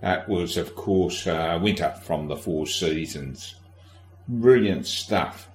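A man with a deep, expressive, slightly mellow voice hosts a casual history podcast at a slow pace, and the sound is roomy. He is sardonic and irreverent, swears freely, and talks straight to the listener.

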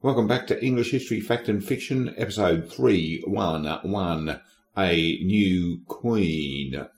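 A man's voice: low-pitched, takes it slowly, darkish tone, echoey room. A man hosting a casual history podcast, sardonic and irreverent, swearing freely and talking straight to the listener. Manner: addresses the listener directly. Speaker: podcast host.

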